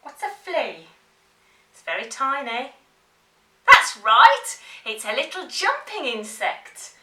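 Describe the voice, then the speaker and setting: A woman leading a child through a playful drama warm-up, coaxing and encouraging. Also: sits high, sing-song, takes it slowly, distant mic. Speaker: drama teacher. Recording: roomy, from off the mic.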